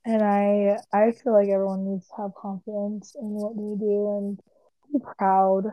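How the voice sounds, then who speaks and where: A woman's voice: medium pitch, little pitch movement, measured pace, dark tone, no echo, rough recording. A young woman co-hosting a casual podcast chat, rambling with lots of "like". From Las Vegas area. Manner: rambling, heavy use of "like". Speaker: podcast co-host.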